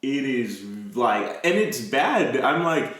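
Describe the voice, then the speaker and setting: A man's voice: medium pitch, big pitch swings, slow, a bit bright. A young man co-hosting a casual anime podcast, blunt and profane, laughing often. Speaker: podcast co-host. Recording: very echoey room.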